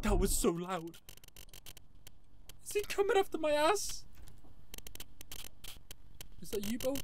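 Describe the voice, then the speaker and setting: A woman's voice: high voice, big pitch swings, unhurried, pauses often, a bit bright. A young woman commentating her play of a horror game, panicking, laughing and swearing at it. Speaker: gaming YouTuber.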